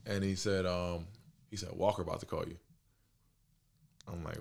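A young man in his twenties, telling a story in a casual chat, slangy and animated, acting out the dialogue. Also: low voice, a little fast, creaky, pauses often. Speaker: podcast guest.

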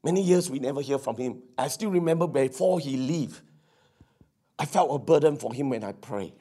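A male pastor preaching a sermon, telling a story with excited exclamations and stammered restarts. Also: mid-range voice, normal speed.

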